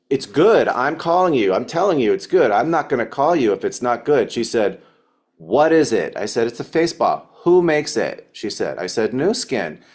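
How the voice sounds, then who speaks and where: Animated man telling a sales story. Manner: animated storytelling, acting out quotes in higher voice. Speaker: sales team speaker. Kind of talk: motivational team talk.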